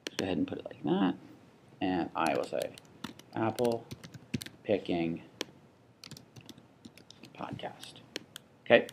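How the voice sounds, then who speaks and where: A man with a somewhat low voice teaches a screen-recorded software tutorial. He talks casually and thinks aloud, with small restarts and asides, like a parent showing another how it is done. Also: wildly swooping pitch, fast, vocal fry, slight background noise. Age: adult with a child.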